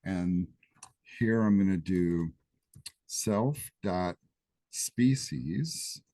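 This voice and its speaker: This is a live programming lecture with a coding demo, given by a Greek instructor in a classroom or office who talks casually and wanders into asides. His deep, dark voice is expressive and very slow, and the sound carries no echo.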